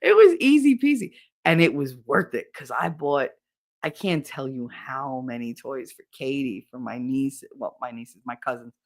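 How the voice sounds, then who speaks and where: A woman's voice: extremely low pitch, moderate pace. A middle-aged woman hosting a podcast, telling stories in a casual livestream chat with viewers. She laughs often and swears freely. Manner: animated, laughing storyteller who swears freely. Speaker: podcast host.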